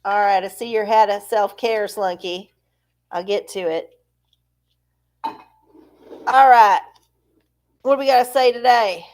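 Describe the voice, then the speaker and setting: A woman's voice: mid-range voice, slow pace, pauses often, darkish tone. A woman hosting a live stream, rambling and self-deprecating in casual chat with her viewers. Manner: rambling, chatty, self-deprecating, frequent laughs. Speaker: livestream host.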